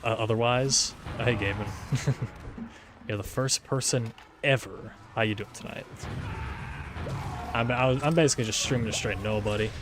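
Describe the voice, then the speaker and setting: A young man in a casual solo livestream, talking in a flat, monotone way, rambling, swearing and restarting his sentences. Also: medium pitch, moderate pace, long pauses. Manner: rambling, swears often, repeats words and restarts a lot. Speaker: streamer. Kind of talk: casual solo livestream chatter while gaming.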